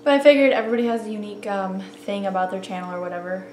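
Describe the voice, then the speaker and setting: A woman's voice: mid-range voice, very fast, a crowd in the background. A young woman chatting on a couple's vlog, giggly and talkative. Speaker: vlogger. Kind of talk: casual chat. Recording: echoey room with audible noise.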